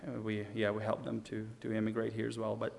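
A man's voice: fairly low pitch, monotone, fast, creaky, darkish tone. A young man from Ukraine, telling a personal testimony in an earnest, casual way and acting out the dialogue. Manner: earnest, frequent restarts, acts out quoted dialogue. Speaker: storyteller giving testimony.

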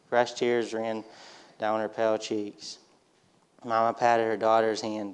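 Male storyteller, low even voice, smooth tone, gentle steady reading. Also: slow, long pauses.

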